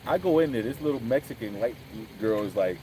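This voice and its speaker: A man's voice: medium pitch, lively intonation, fairly quick, warm tone, slight background noise, rough recording. A man chatting casually outdoors, animatedly telling a story and acting out quotes with lots of swearing. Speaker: vlogger. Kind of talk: casual chat while riding. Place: outdoors on city streets.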